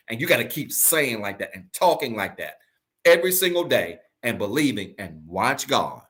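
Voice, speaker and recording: Male pastor, mid-pitched voice, online sermon, relaxed vernacular, slow emphatic repetition with soft drops. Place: online church service.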